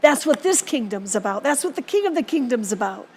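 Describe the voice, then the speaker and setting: A woman's voice: fairly high pitch, sing-song, fairly quick, slight background noise. A woman preacher giving a sermon in a church, speaking earnestly and urging her listeners on. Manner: earnest, exhorting.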